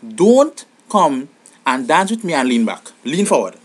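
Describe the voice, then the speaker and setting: A young man giving comic advice in an animated, exasperated vlog monologue. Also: a little slow. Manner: animated, exasperated, rising to high outbursts. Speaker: vlogger.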